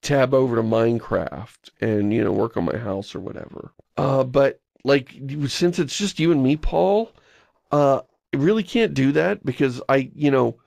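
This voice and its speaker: A man's voice: mid-range voice, animated, normal speed, gravelly, a little mellow, no echo. A man co-hosting a podcast in casual chat, rambling and wry, with an exasperated edge. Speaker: podcast co-host.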